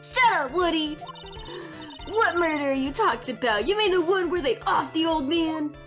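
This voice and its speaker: A woman's voice: very high voice, expressive, normal speed, fairly bright tone, soft background music. A woman voicing a foul-mouthed male ventriloquist puppet who barks insults and demands respect. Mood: bossy. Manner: brash, insulting, commanding.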